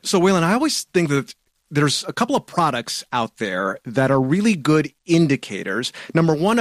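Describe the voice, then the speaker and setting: A man hosting a radio news program, asking questions in a relaxed and joking way. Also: fairly high pitch, no room sound, clean studio sound. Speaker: news host.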